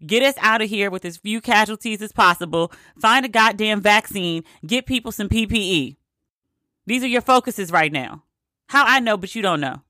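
A woman's voice: medium pitch, lively intonation, moderate pace, pushed and bright, no echo, clean studio sound. Exasperated, profane woman ranting. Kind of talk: opinionated casual rant.

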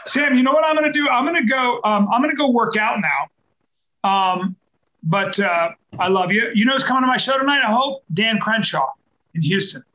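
A man's voice: very high-pitched, moderate pace, bright, forceful tone, slight background noise, poor audio. A comedian co-hosting a comedy podcast, rambling and argumentative, often restarting his sentences. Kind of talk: crude comedic banter.

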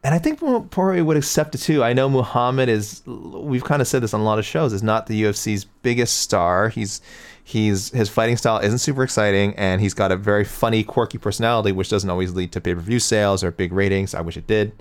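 Male host, lowish voice, loose casual chat, rambles and self-corrects. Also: fairly even intonation, a little fast, clear, resonant tone. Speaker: MMA show host reading viewer picks.

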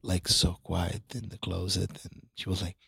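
A man's voice: low voice, moderate pace, gravelly, slightly rough, dry recording, clean studio sound. A man with an Italian accent, nasal and congested, chatting casually as a podcast co-host from his bedroom. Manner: relaxed, reminiscing storyteller. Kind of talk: casual chat. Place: bedroom at home.

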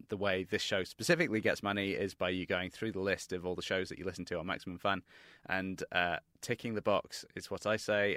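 Earnest British man with a bright voice. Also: fairly low pitch, no room sound, clean studio sound. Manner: earnest, with halting restarts. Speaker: podcast producer. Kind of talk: explaining a fundraising drive.

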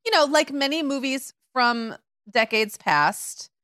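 A woman in her forties from the American Midwest, co-hosting a podcast in animated casual chat full of fillers. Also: high voice, slow pace, no room sound, clean studio sound. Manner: animated, chatty, lots of fillers and mimicked voices. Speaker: podcast co-host.

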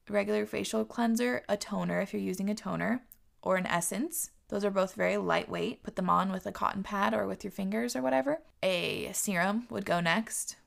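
A woman's voice: mid-range voice, creaky. A woman hosting her own show, answering viewer questions in a candid, chatty way and swearing freely. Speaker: host.

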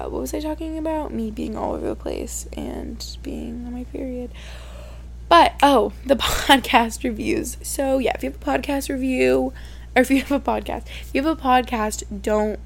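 A woman's voice: a little high, gravelly. A young adult woman hosting a podcast, chatting casually and emotionally with many "like" fillers. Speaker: podcast host. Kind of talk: casual solo podcast chat.

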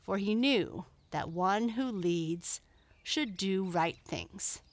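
A woman narrating a children's animal story in a gentle, measured storytelling manner. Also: mid-range voice, animated, no room sound.

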